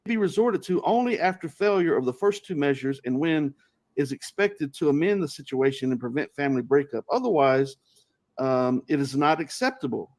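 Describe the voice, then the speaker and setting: A man reading scripture and footnotes aloud in a measured way, with small restarts. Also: fairly high pitch, animated, darkish tone. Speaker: imam in a played clip.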